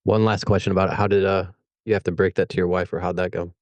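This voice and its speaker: A man hosts a podcast with a low voice, putting questions in a relaxed, casual manner. His sound is dry, with no room echo. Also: fast talker. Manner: relaxed, laid-back questioning. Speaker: podcast host.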